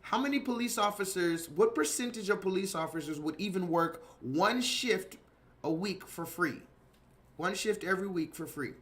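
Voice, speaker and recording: A man's voice: high voice, lively intonation, normal speed, a bit bright. A man hosting a casual livestream, rambling and repeating himself while reading out viewers' chat comments. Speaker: livestream host.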